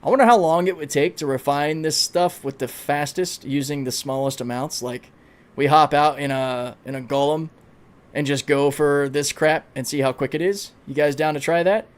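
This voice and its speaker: Excitable, swearing male game streamer. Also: fairly high pitch, moderate pace. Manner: excitable, swears freely, talks to chat. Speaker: gaming livestreamer. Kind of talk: casual gameplay commentary.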